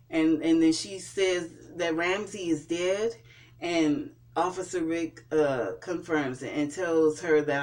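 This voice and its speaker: Slow-talking youtuber recapping a tv episode, lots of uh and restarts, casual review vibe. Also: medium pitch. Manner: hesitant, with frequent fillers and restarts. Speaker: TV show reviewer.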